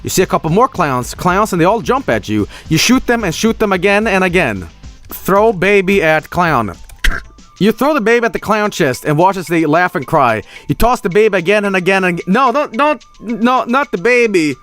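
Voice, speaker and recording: Male streamer, high and animated, reading game text aloud with a foul mouth. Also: moderate pace, faint music behind. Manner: animated, swearing, breaking into laughter.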